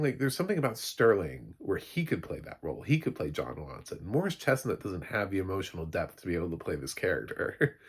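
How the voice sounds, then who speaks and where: A man rants casually about a new TV show, blunt and exasperated, with laughing asides. His voice sits a little low and has a husky edge. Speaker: TV reviewer. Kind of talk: casual spoken TV review.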